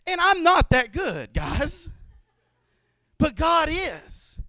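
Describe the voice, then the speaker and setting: A man in his thirties preaching a sermon in church, telling stories and acting out quotes with lively energy. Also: very high voice, extremely slow, no echo. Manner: animated storytelling with acted-out quotes. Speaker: pastor.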